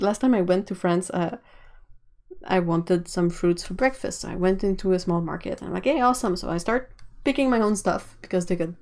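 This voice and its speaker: A Canadian woman livestreams her drawing, rambling casually as she works and laughing often. Her voice is medium-pitched and mellow.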